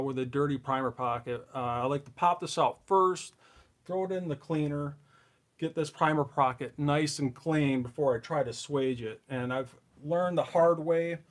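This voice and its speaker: A man hosting a casual live stream from his reloading bench, chatting with viewers while he works with his hands. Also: on the high side.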